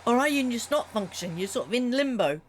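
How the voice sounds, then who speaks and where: A woman's voice: a little high, lively intonation, fairly quick, slight background noise. A British woman streaming a game and chatting casually with her viewers. She has a runny nose, jokes a lot, and reads out and answers messages from chat. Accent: British English. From Britain. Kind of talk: casual chat while gaming.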